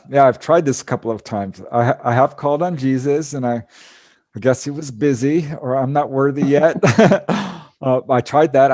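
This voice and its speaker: A man's voice: mid-range voice, darkish tone, dry recording, clean studio sound. A man telling stories of his out-of-body experiences to a group over a video call, earnest and laughing often. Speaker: guest speaker. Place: home.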